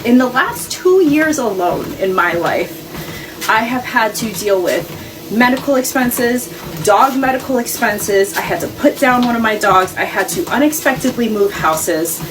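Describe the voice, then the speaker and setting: A woman's voice: fairly high pitch, lively intonation, unhurried, far from the mic, background noise. A woman speaking candidly in a chatty walk-and-talk vlog while walking on a walking pad at home. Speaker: vlogger with a corporate job.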